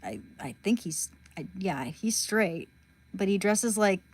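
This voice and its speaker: A woman's voice: mid-range voice, lively intonation, measured pace, husky. Blunt, chatty woman streamer. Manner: blunt, chatty, talks straight to viewers. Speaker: livestream host. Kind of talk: casual livestream chat.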